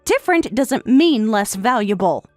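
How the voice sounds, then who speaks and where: A woman's voice: a little high, very animated, unhurried, no echo, faint music behind. Synthetic woman voice as a defiant young wife. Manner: firm, pointed replies. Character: tired young wife pushing back firmly. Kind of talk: text-to-speech story reading.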